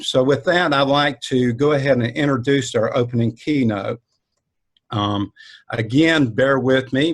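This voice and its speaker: A man with a Southern US accent opens a conference and introduces the keynote speaker, halting with many ums and uhs. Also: medium pitch. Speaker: conference host. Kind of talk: conference opening remarks.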